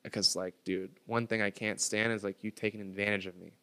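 A man holds forth in a relaxed chat, telling a story with emphatic, slangy, profane energy. His voice sits low and comes through smooth and resonant. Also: fairly quick.

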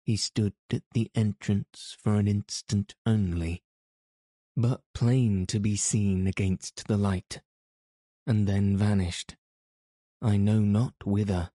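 A man's voice: fairly low pitch, steady tone, takes it slowly, warm tone, no echo, clean studio sound. A man voicing a timid male imp servant who pleads humbly and stammers in fear. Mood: pleading, fearful.

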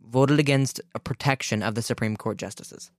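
A man's voice: mid-range voice, moderate pace, no room sound. A man hosting a political radio show, delivering an indignant, emphatic commentary monologue with frequent restarts into a close mic.

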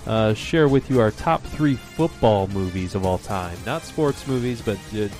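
A man's voice: lowish voice, lively intonation, measured pace, music in the background. A man co-hosting a casual chat, easygoing and laughing often as he talks. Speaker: co-host.

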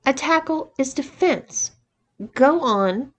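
A woman's voice: high-pitched, expressive, slow, pitched above the performer's own voice. A woman reading the part of a blunt young woman who teases eagerly. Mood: teasing.

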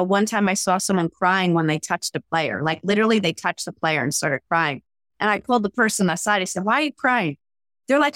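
A woman's voice: medium pitch, no echo, clean studio sound. A woman working as a mental skills coach, talking in a casual interview and acting out the people she quotes. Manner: animated, acts out quoted voices.

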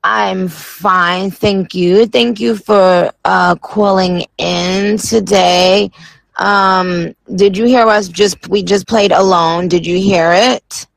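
A woman's voice: mid-range voice, steady tone, takes it slowly, creaky, no room sound. A woman hosting a radio show, chatting with a guest in a playful, slangy, teasing way. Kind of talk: casual radio interview.

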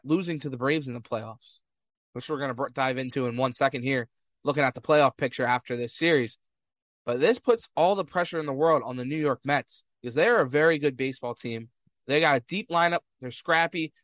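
A man's voice: medium pitch, brisk, a bit bright, dry recording. A man giving casual sports commentary, fired up and trash-talking rival fans.

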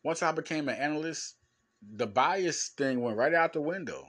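A man's voice: a little high, moderate pace, breathy edge. Emphatic man hosting a solo sports podcast. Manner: animated, emphatic and repetitive, with stammered restarts; informal slangy speech, addressing fans directly. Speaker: podcast host and basketball analyst. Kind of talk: casual solo podcast talk.

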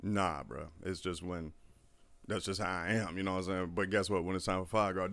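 A man telling a profane, animated story in casual chat, acting out the people he quotes. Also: low-pitched, brisk.

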